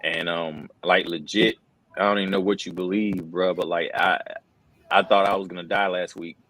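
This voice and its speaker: A man's voice: low voice, steady tone, normal speed, fairly bright tone, poor audio. A middle-aged wrestling commentator, telling an earnest personal story in a casual interview, full of fillers like "bro" and "man.".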